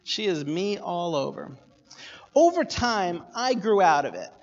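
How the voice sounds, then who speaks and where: Animated male preacher telling a story, moving from quiet asides to loud bursts; muffled, reverberant hall. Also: high-pitched, unhurried. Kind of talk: sermon storytelling. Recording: echoey hall, dull sound.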